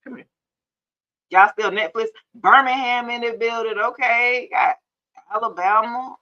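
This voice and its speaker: A woman's voice: on the high side, a little slow. A woman from Georgia, chatting casually and animatedly with viewers as a tarot live-stream host. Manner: chatty and animated, addresses viewers as y'all, laughs often. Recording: somewhat dull lo-fi live-stream audio.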